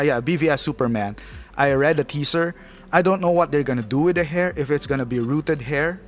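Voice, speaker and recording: A man from the Philippines, hosting a casual livestream, chatting loosely, reading chat aloud and laughing often. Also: a little high. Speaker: livestream host.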